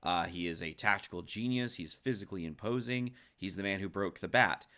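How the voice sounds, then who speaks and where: A man's voice: low-pitched, a little fast, pushed and bright. A man co-hosting a casual film podcast, rambling and restarting his phrases as he talks. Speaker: podcast co-host.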